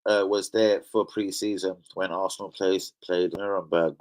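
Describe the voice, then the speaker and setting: A man's voice: lowish voice, steady tone, brisk, hardly any pauses, a bit bright, poor audio. A man hosting a casual football live stream, chatting in slangy banter with his viewers.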